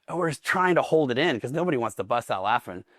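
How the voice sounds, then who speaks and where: Profane laughing storyteller from Oklahoma, dry sound. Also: male voice, medium pitch, animated, quick pace, a bit bright, no room sound. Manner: profane, laughs while telling stories. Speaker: guest veteran. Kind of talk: casual storytelling.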